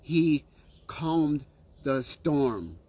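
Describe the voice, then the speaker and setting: A man's voice: on the high side, very animated, extremely slow, mellow, breathy edge. A man preaching a sermon in an earnest way, often checking in with listeners and restarting his phrases. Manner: earnest, checks in with listeners with frequent "okay?" and "right?".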